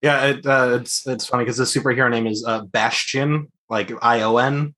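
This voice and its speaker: A married adult man, a player in a tabletop game, chatting casually with quick asides. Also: medium pitch, steady tone, sharp tone.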